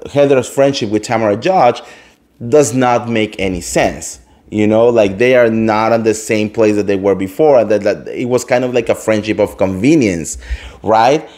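Gossipy man hosting a chatty show. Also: mid-range voice. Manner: animated, gossipy, acts out quotes, calls listeners "girl". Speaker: host. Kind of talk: casual gossip chat.

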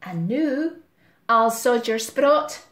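A woman's voice: fairly high pitch, lively intonation, extremely slow, fairly bright tone, roomy sound, full character voice. A woman with a Scottish accent voicing a greedy, hungry fat male cat in a sing-song rhyming chant. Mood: boastful.

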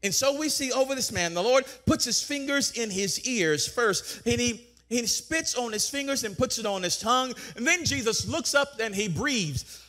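A man preaching a sermon, fervent, repeating phrases and building to loud declarations. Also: very high voice, expressive, normal speed.

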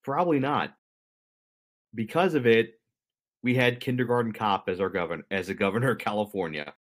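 Man, podcast co-host, casual storytelling, slightly low voice, jokey asides. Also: moderate pace. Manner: conversational, jokey, explains history to co-host.

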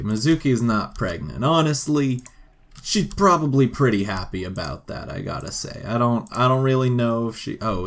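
A man's voice: mid-range voice, vocal fry. A man giving casual, joking let's-play commentary as he plays a life-sim game and talks to its characters. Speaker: gaming video host.

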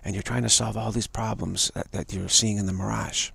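A man giving a live spiritual talk, halting and repeating words as he tells a story and acts out the voices in it. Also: lowish voice, level tone, gravelly, a bit bright, slightly rough, no echo. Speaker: spiritual teacher.

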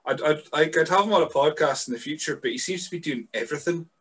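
A Scottish man hosting a podcast, chatting in a relaxed, hesitant way full of fillers. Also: fairly high pitch, fast talker, slightly rough. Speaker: podcast host. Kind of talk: casual podcast chat.

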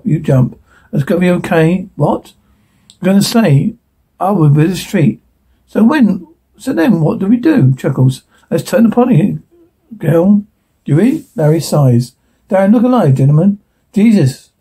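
Man, husky and gravelly, dark tone, reads every part and stage direction flatly. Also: fairly high pitch. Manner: flat, stumbling read-aloud with stage directions. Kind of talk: one voice reading all parts of a show transcript.

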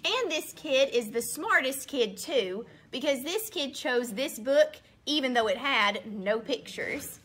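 A woman's voice: high voice, animated, measured pace, few pauses, a bit bright, slightly rough. A woman reading a children's book aloud, playfully acting exasperated and making silly sounds. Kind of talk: picture-book read-aloud.

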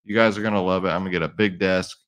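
A man with a fairly low voice hosts a casual sports betting vlog. He talks brashly and swears freely, and he whoops loudly as he hypes up his picks. He is recording in a sparse home studio with bare walls. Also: fairly even intonation, racing, smooth. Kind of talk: casual hyped-up vlog talk.

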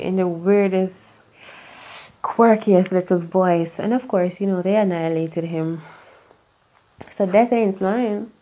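A woman's voice: lowish voice, takes it slowly, pauses often, mellow. A woman giving a casual tarot reading in a rambling, chatty way, full of fillers and asides. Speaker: tarot reader.

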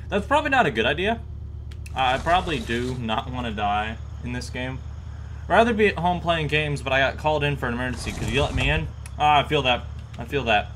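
A man's voice: medium pitch, fairly bright tone, a little hiss or hum. A young man, almost twenty, talking casually while playing a game, repeating license plates aloud and reacting nervously. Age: young adult. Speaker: gaming YouTuber. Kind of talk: live game commentary.

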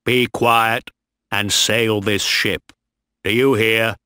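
A man's voice: lowish voice, fairly even intonation, takes it slowly, sharp tone, clear, resonant tone, no echo. A man reading as a stern ship captain. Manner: curt, issues orders. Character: stern strict male ship captain, commanding.

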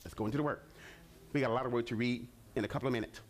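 A man preaching a sermon on a television ministry broadcast, animated and repetitive, with stammered restarts and sudden bursts. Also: mid-range voice, very fast, a little hiss or hum.

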